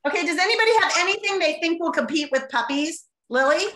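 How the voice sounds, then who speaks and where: A woman teacher running a playful class vote on a video call, animated, exclaiming and laughing often. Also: very high voice, quick pace, echoey room, a little hiss or hum.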